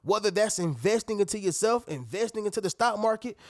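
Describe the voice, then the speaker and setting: Preachy man with a high, dry voice. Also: fairly quick, no room sound. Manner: animated, preachy, calls out to his audience. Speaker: motivational speaker. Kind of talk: preachy motivational talk.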